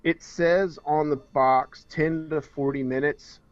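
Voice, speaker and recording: A man's voice: on the high side, fairly even intonation, slow pace, no room sound. A man co-hosting a casual podcast chat, explaining at length in a rambling, hesitant way. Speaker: podcast co-host. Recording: dry, dull lo-fi recording.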